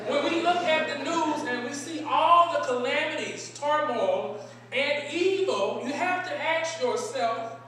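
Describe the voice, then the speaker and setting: In a very echoey synagogue sanctuary, a preacher gives a sermon a little slowly, the voice high-pitched and fairly bright. The distant recording catches rhetorical questions and repeated key phrases.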